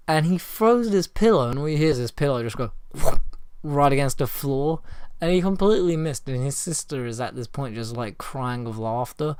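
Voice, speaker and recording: Hoarse man rambling through a story. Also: medium pitch, a little mellow, dry recording. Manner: rambling, lots of fillers, laughs while telling. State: hoarse from a cold. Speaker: vlogger. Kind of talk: casual storytime.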